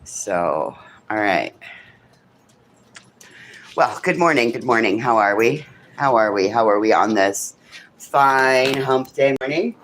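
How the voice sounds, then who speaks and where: A man's voice: medium pitch, lively intonation, slow pace, pauses often, a bit bright, a little hiss or hum. A man vlogging a casual morning chat at a farm house, talking bluntly to his animals and swearing freely.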